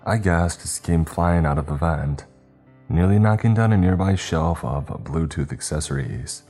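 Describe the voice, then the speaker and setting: Very deep-voiced male horror narrator. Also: normal speed, a little mellow, soft background music.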